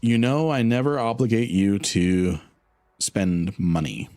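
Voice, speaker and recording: A man streaming a game, answering chat in a relaxed, rambling way with frequent laughter. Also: fairly low pitch, slow pace. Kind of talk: casual live-stream chat.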